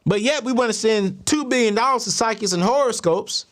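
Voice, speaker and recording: A male host telling a story in an animated monologue, acting out both sides of each conversation and jumping up in disbelief. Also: brisk. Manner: expressive, acts out both sides of dialogues, voice jumps high in disbelief.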